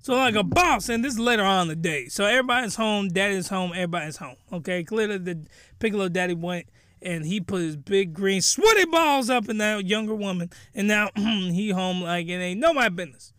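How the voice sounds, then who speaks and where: A man giving a crude, rambling comedic recap of a show in an animated way. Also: high voice, brisk, clear, resonant tone, dry recording, clean studio sound.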